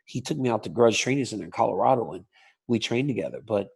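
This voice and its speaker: A man's voice: on the low side, lively intonation, fast, darkish tone. A man talking as a guest in an interview, emphatic and stressing points by repeating his questions. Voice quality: gravelly, husky. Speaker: guest fighter. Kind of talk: interview chat.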